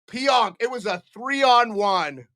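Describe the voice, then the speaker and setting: A middle-aged man from Montana doing excitable live play-by-play for a fan stream at home, chatting with viewers between calls. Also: extremely high pitch, slow pace.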